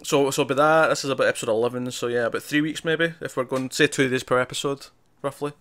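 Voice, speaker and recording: A man's voice: medium pitch, fairly even intonation, quick pace, fairly bright tone, dry recording. A man co-hosting a casual review chat, talking in an analytical way with lots of restarts. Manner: chatty, analytical, frequent restarts. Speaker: podcast co-host.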